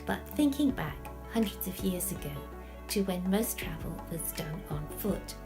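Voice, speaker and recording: A woman, an author giving a measured video lesson on writing. She often poses a question and then answers it herself. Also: medium pitch.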